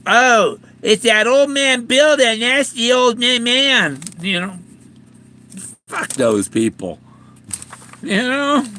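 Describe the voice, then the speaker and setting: A man's voice: fairly high pitch, vocal fry, fairly bright tone. An older man in a rambling, casual monologue, laughing often and restarting his sentences as he vlogs about a treasure hunt. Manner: rambling, with frequent chuckles and restarts. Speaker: treasure hunt author and vlogger.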